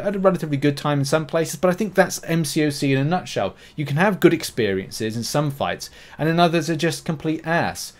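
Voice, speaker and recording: Rambling man talking games. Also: mid-range voice. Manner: rambling, many fillers and restarts. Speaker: gaming YouTuber. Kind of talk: casual commentary on a mobile game.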